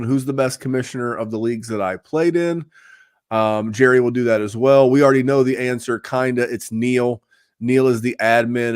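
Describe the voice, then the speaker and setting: A man hosts a casual podcast and rambles through his points, full of fillers and false starts. His voice sits at an ordinary middle pitch, and the recording is close and dry with no room sound. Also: a little mellow, clear, resonant tone, dry recording. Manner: rambling, with many fillers and restarts. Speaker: podcast host.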